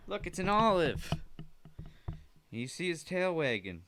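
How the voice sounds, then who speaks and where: Bright, animated, joking male podcaster. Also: high-pitched, unhurried, pauses often, slight background noise. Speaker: podcast host. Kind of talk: casual solo podcast chat. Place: home basement. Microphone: headphones and studio mic.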